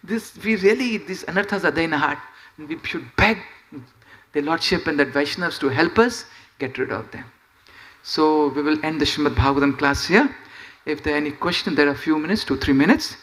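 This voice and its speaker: A man giving a scripture class, telling the story in an animated way and often saying "you know". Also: fairly high pitch, a little fast. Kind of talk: sermon storytelling.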